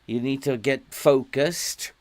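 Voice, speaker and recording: An older man with a Welsh accent talking through a football management game as he streams it. He chats loosely, cheers his players on and tells them off, with plenty of little chuckles. His voice sits in an ordinary middle pitch. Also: slow pace, darkish tone. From Wales. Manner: chatty, coaxes and scolds his virtual players, chuckles often. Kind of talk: casual gameplay commentary.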